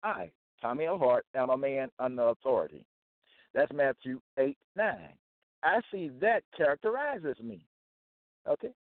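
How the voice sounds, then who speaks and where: A man teaching from scripture in a slow, deliberate way, repeating phrases and checking in with "okay?" and "all right?". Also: medium pitch, animated, no room sound. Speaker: self-styled Bible teacher. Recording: tinny phone-like dry sound.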